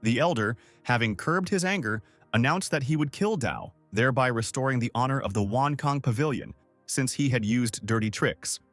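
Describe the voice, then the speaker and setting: A man's voice: medium pitch, lively intonation, moderate pace, no room sound. A man narrating a story recap in a scripted, dramatic way. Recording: faint background music.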